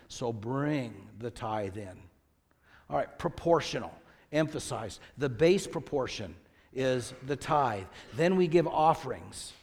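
A man's voice: mid-range voice, darkish tone, long reverb tail. A man preaching a sermon as pastor, reading scripture aloud with rising emphasis and asking the congregation questions.

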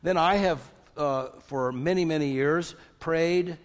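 An older man preaching a sermon, lively, asking rhetorical questions and quoting scripture. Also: a little high, slow pace. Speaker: pastor. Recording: long hall reverb.

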